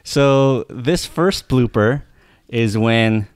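A man co-hosting a casual podcast, calmly setting things up with light laughs. His mid-range voice sounds dry and close to the mic. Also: mid-range voice, extremely slow, clear, resonant tone, no echo. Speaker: podcast co-host. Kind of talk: casual chat.

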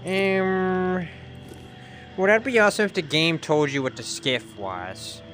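A young man chatting excitedly to his viewers while streaming a game, swearing freely. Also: high-pitched, slow, faint music behind. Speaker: livestreamer. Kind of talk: casual live gameplay chatter.

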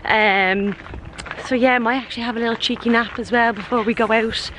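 A woman's voice: a little high, steady tone, fairly quick, background noise. A young woman with an Irish accent chatting casually as a travel vlogger, rambling with lots of fillers. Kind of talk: casual vlog chat. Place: outdoors on walks and indoors in a hotel.

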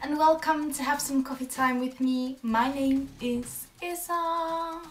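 A woman's voice: sits high, steady tone, slow pace, soft background music. A young woman chatting casually to her camera at home, giggly and casually swearing. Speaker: vlogger. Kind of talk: casual chat. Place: home, indoors by a balcony door. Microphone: camera mic.

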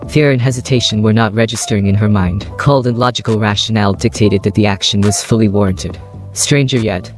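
A man narrating a fan fiction story in a steady, even read-aloud manner. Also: on the low side.

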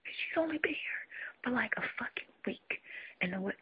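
A woman vlogger gives a hushed tour of a small home bathroom and complains in a whisper, indignant and swearing. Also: fairly high pitch, animated, moderate pace, husky. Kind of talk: hushed ranting video tour. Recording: dull lo-fi home video.

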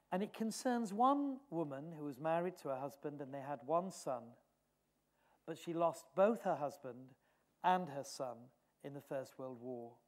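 Earnest preacher telling a story. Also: male voice, a little high. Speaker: evangelist preacher. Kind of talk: sermon with storytelling.

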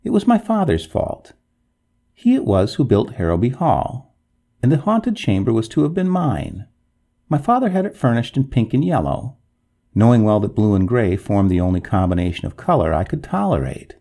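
A man's voice: medium pitch, big pitch swings, moderate pace, dark tone. A man voicing an indignant drowned young woman ghost, who talks in a prim, formal, reproachful way with a gargling sound. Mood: haughty.

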